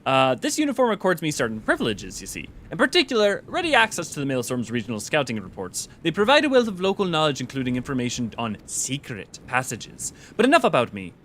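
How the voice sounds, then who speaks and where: A man voicing a polite, formal male retainer from a game, speaking high and with theatrical diction. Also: huge pitch swings, fast, few pauses, fairly bright tone, slight background noise. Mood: courteous.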